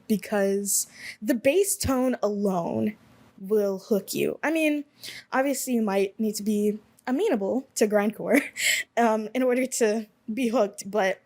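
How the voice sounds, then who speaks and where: A woman's voice: mid-range voice, a little mellow. A young woman from Alabama hosting a casual solo podcast, talking in a rambling, chatty way and often correcting herself mid-sentence. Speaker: podcast host.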